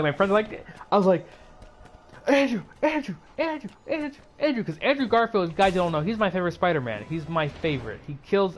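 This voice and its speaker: A man's voice: fairly high pitch, slight background noise. Rambling man recapping a movie. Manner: rambling, excitable, many fillers and restarts. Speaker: YouTuber.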